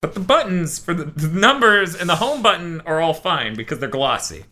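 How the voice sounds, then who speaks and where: A man's voice: fairly high pitch, moderate pace. A man co-hosting a casual podcast chat, swearing freely and joking around. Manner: animated, profane and joking. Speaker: podcast co-host.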